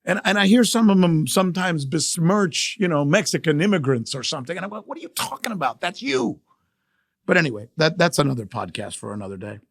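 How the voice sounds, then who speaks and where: A middle-aged man hosting a news podcast, talking in a fairly high register with a gravelly, fry-laden edge. He argues his point with emphatic, animated repetition, like a seasoned journalist riffing off the cuff. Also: no room sound, studio quality. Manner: animated, emphatic, repeats phrases for effect. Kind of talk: casual news commentary.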